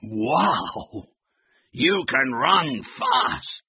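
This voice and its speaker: A man voicing a pack of gruff male husky sled dogs in a children's story. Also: mid-range voice, very animated, slow, no echo, heavily acted. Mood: admiring. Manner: gruff, then panting. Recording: dull, muffled recording.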